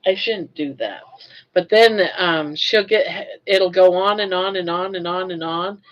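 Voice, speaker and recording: An older woman hosting a casual live chat, chatty and unhurried, who coos at her pet in a doting voice. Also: lowish voice, lo-fi sound. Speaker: livestream host.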